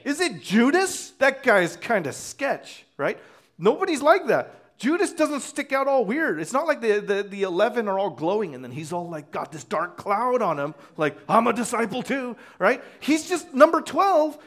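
A male pastor gives a casual, conversational sermon, slipping into acted voices as he tells the story. His voice sits fairly high and swings widely in pitch, lively and expressive throughout.

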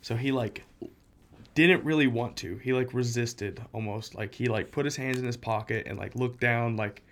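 A man's voice: mid-range voice, moderate pace, fairly bright tone. A young man in casual chat, telling a story with laughs and acted-out quotes.

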